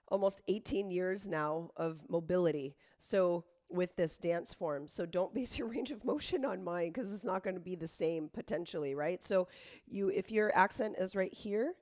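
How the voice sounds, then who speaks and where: A woman in her thirties teaching an online dance lesson, hoarse from being sick and tired, counting beats and calling out moves while she dances. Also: mid-range voice, darkish tone. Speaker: dance instructor.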